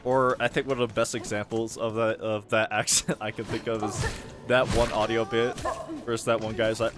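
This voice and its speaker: A man's voice: medium pitch, flat delivery, fairly quick, fairly bright tone. Young man chatting over game music. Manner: rambling, chuckles often, answers chat. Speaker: gaming streamer. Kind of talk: casual gameplay chat.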